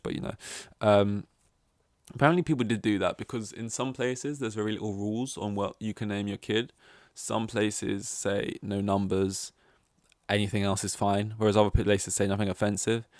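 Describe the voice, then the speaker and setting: A man's voice: fairly low pitch, steady tone, fairly quick, no room sound, studio quality. A young man hosting a solo podcast, rambling through tangents with many restarts. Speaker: podcast host.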